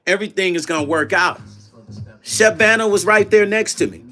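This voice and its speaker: A man's voice: high voice, moderate pace, sharp tone, faint music behind. A middle-aged man hosting a casual livestream, telling a story in quoted back-and-forth dialogue and reading viewer chat aloud. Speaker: vlog host.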